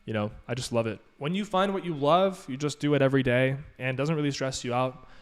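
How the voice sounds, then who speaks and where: A man's voice: medium pitch, fast, clean tone. A man hosting a live stream as an online business mentor, answering chat questions in a casual, upbeat, rambling way with lots of "you know" and restarts.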